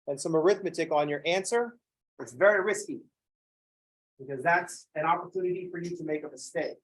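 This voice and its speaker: A man giving a math lecture, joking with sarcastic asides and acting out students in quick voices. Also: fairly high pitch, low-quality recording. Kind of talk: recorded classroom lecture.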